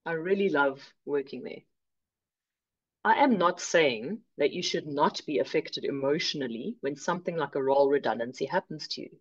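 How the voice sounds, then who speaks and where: A woman from South Africa presenting an online workshop, clear and measured with light humor. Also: sits low, highs cut off.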